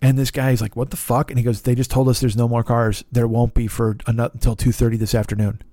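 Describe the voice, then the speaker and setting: A man's voice: mid-range voice, little pitch movement, fast talker, mellow, dry recording, studio quality. Exasperated man telling a rant story. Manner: exasperated, swears often, acts out both sides of conversations. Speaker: podcast host. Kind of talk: casual storytelling monologue.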